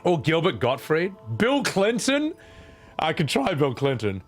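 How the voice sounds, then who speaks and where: A man's voice: a little high, huge pitch swings, measured pace, faint music behind. A man streaming a game, chatting casually with viewers, joking, laughing and swearing. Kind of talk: casual live-stream chat.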